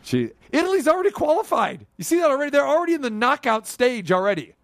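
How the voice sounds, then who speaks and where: A man's voice: very high voice, big pitch swings, fast, vocal fry, a bit bright, dry recording. A man hosting a sports radio show, chatting casually, joking and rambling about hockey. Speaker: radio sports talk host.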